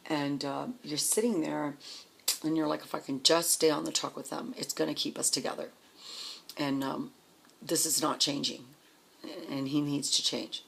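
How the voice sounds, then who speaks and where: A woman in her fifties telling her own story candidly and emotionally, blunt and quick to swear. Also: low-pitched, vocal fry, a little hiss or hum, low-quality recording. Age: 50s.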